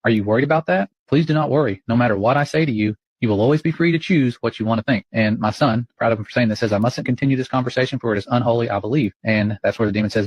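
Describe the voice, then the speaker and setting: A man's voice: medium pitch, fast, hardly any pauses, dry recording, low-quality recording. A man hosting his channel, reading a chat aloud and adding earnest, preacherly warnings. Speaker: channel host.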